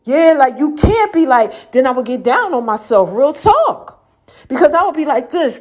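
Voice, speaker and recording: A woman hosting her own podcast, sharing a faith testimony in loose, slangy talk. Her voice sits somewhat high, and she jumps into the voices of the people she quotes. She laughs often along the way. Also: sing-song, normal speed. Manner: laughs often while talking. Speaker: podcast host. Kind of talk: casual faith testimony storytelling.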